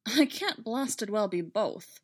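A woman reading aloud, voicing a weary, bruised male prisoner who speaks dryly and flatly. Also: mid-range voice, takes it slowly. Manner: dry and flat. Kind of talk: fan fiction read aloud.

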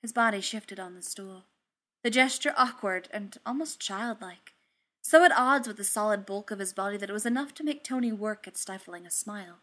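Woman storyteller, steady narration, bright tone. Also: mid-range voice, moderate pace. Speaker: reader. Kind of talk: reading fan fiction aloud.

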